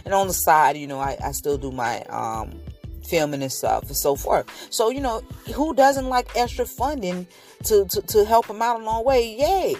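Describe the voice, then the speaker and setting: A woman's voice: medium pitch, expressive, normal speed, a little mellow, faint music behind. A woman in her fifties sharing a faith testimony in a casual vlog, earnest and emotional, often repeating herself.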